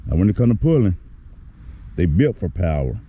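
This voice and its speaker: Guy fishing a pond and chatting to his viewers, real deep voice, kinda muffled sound. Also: moderate pace, slight background noise. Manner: chatty, excitable, talks to the fish. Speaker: fishing vlogger. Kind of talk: casual running commentary to viewers. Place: outdoors at a neighborhood pond.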